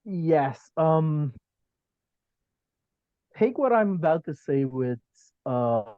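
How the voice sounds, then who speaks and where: A man's voice: fairly high pitch, big pitch swings, drawn-out words, no room sound, narrow, tinny audio. A man talking as a podcast guest in casual chat, hesitant and hedging, with many filler ums.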